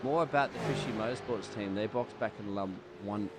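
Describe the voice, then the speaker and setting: A man's voice: fairly low pitch, brisk, vocal fry. A man commentating a sim race in a hyped, jokey way, full of slangy banter. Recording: loud engine noise behind voice. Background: race car engine noise.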